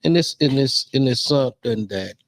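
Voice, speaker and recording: A man co-hosting a talk show, speaking slowly and encouragingly in a preacher-like way. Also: medium pitch, expressive. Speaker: co-host. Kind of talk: casual chat.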